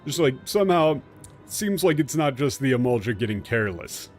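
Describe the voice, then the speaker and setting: A man streaming a game, casually explaining the translation in an animated, profane way. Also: medium pitch, normal speed, faint music behind.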